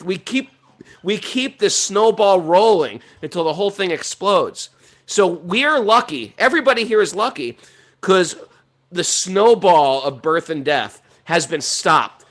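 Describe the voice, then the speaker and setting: A middle-aged man talking in a casual, animated way about spiritual life, laughing often as he tells stories. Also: high-pitched, unhurried. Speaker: podcast host.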